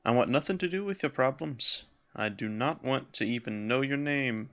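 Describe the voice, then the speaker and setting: A man's voice: mid-range voice, moderate pace, fairly bright tone, close to an everyday voice. A man voicing a grumpy male hermit mage with a light put-on Scottish accent, curt and unwelcoming. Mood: gruff. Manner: gruff, curt, wants to be left alone. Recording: slightly dull lo-fi sound.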